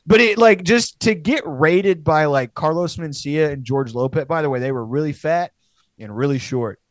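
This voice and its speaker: A man's voice: a little high, moderate pace, no room sound. A young man telling a rambling, profane story in casual podcast chat, laughing as he goes.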